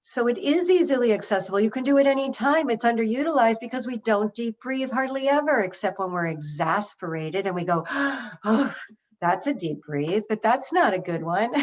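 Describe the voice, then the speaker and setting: A woman giving an energetic webinar talk, guiding listeners through a breathing exercise by counting. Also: fairly high pitch. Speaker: speaker. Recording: dull lo-fi webinar audio.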